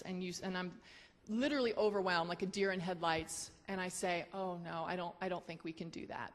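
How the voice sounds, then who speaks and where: A woman earnestly telling a personal testimony to a gathering, with an emotional storytelling manner. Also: medium pitch. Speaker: guest sharing her testimony. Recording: long hall reverb.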